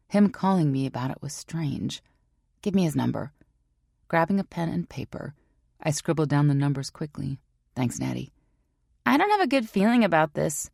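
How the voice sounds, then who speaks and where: A woman narrating a first-person romance audiobook in a measured, introspective way on a close studio mic. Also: low voice, vocal fry, warm tone, no echo.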